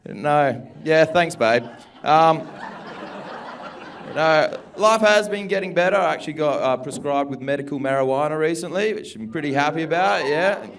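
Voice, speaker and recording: Laid-back young comic. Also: male voice, on the high side, normal speed, a little hiss or hum. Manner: laid-back, mumbly, swears a lot. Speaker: stand-up comedian. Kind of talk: stand-up set. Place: comedy club stage.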